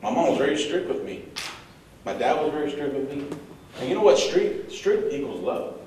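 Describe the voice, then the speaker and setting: A man giving a motivational talk to students, telling lively stories and acting out his mother. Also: on the high side, fast. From United States, of Mexican parents. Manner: lively storytelling, acts out his mom. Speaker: bullying prevention speaker. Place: large echoey room before an audience. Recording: echoey room, picked up from far off, noisy.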